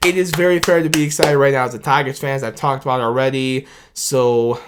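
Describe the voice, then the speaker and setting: A man's voice: mid-range voice, fairly even intonation, brisk, few pauses, a bit bright, clear, resonant tone. A man talks straight to camera in an instant-reaction vlog. He rambles, repeats himself and laughs often as he gushes about his team. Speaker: sports fan YouTuber.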